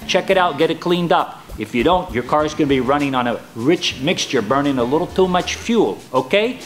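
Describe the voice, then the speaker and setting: A man's voice: on the high side, animated, normal speed, lightly acted. A man playing a folksy, hammy car dealer, delivering a comedic sketch monologue in salesman patter. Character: hammy, folksy male used-car dealer giving tips.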